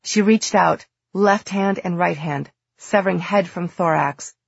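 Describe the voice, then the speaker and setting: A woman narrating an audiobook in a steady, measured storytelling manner. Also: fairly low pitch, creaky, breathy edge, dry recording, highs cut off.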